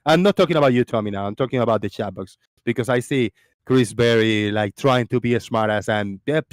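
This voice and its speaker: A man's voice: mid-range voice, a little fast, no room sound. A man hosting a casual live stream call, giving blunt, emphatic warnings to the chat. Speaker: host.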